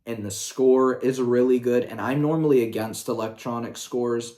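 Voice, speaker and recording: Excitable, profane man in an echoey room. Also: mid-range voice. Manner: profane, excitable, quick asides. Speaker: video creator. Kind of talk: casual rant. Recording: roomy echo.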